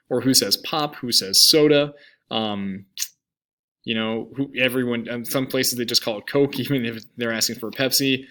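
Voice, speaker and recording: A man's voice: medium pitch, normal speed, bright, forceful tone. A young man gives a recorded lecture over slides. He talks casually and rambles, stopping and restarting often, with a mid-range voice. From United States. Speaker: teacher.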